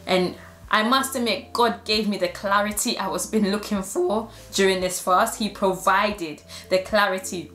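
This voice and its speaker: A woman's voice: medium pitch, measured pace, a bit bright. Earnest woman in an echoey room. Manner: earnest and heartfelt. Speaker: Christian influencer. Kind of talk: personal testimony vlog.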